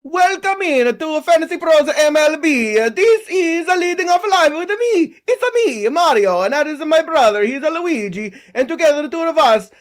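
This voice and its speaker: A man's voice: extremely high pitch, expressive, normal speed, hardly any pauses, pitched above the performer's own voice. A man voicing a cheery, boastful Italian plumber in an exaggerated sing-song put-on voice with a stereotypical Italian accent. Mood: jolly.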